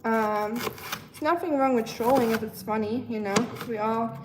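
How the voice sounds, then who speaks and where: A woman's voice: on the high side, measured pace, background noise. A young woman from Germany with a German accent, chatting casually and rambling a bit as she talks with viewers on her livestream. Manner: chatty, rambling, self-teasing. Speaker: livestream host. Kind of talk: casual chat with live viewers.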